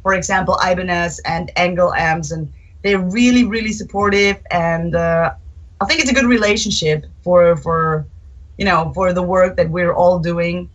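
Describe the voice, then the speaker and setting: A woman's voice: fairly low pitch, moderate pace, muffled recording. A young adult woman, a guitarist, answering interview questions in a chatty way, acting out quotes from fans as she tells stories. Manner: chatty, animated storytelling with acted-out quotes.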